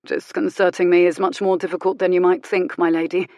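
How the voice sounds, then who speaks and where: A woman voicing a calm, dry-witted male country vicar who speaks mildly but bluntly. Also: fairly low pitch, brisk, no echo, lightly acted. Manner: mild, blunt, quietly commanding.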